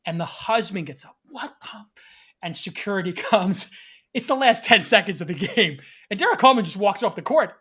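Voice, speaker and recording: A man hosting a podcast, telling a casual story in an animated way, laughing now and then. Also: high-pitched, brisk, husky. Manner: animated, laughs between lines. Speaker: podcast host.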